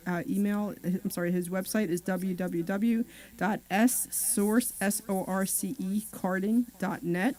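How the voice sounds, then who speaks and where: A woman co-hosting a talk radio show, chatting and reading out sponsor phone numbers and web addresses slowly. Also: medium pitch, mellow.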